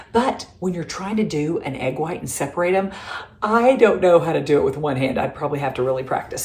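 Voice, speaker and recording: A woman's voice: deep voice, darkish tone, reverberant, a little hiss or hum. A middle-aged woman hosts a home cooking show, chatty and affectionate, laughing often. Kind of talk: casual home cooking demonstration. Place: home kitchen.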